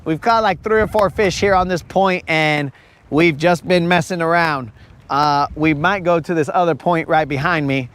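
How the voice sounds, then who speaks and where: A man's voice: a little high, moderate pace, fairly bright tone, clear, resonant tone. A man hosting a fishing live-stream outdoors on a lake, chatting playfully and teasing his viewers. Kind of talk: casual live-stream chat.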